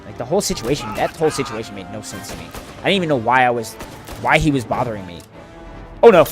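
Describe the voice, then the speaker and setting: A man hosting a gaming channel, giving casual gameplay commentary that turns animated and boastful. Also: medium pitch, fast talker, over music. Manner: animated, trash-talking, boastful in bursts.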